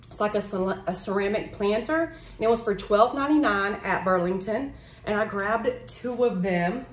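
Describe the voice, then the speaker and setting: A woman's voice: a little high, a bit bright, reverberant, a little hiss or hum. A young woman, chatting eagerly to camera about her shopping haul, gushing over each item. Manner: gushing, chatty, says "y'all" a lot. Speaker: vlogger. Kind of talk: casual haul chat to camera. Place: home living room.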